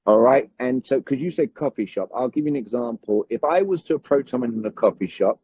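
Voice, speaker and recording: A man's voice: medium pitch, animated, a little fast, mellow, breathy edge, dry recording, muffled recording. A man with a British accent teaching a conversation method in an interview, laying out his points in steps and checking in with "all right". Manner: structured, explains in numbered steps, often says "all right". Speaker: summit guest speaker.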